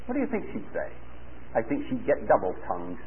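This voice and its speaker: Animated preacher on tinny radio. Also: male voice, medium pitch, brisk, slight background noise. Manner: animated, folksy storytelling. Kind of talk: sermon with anecdotes. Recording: tinny old radio broadcast.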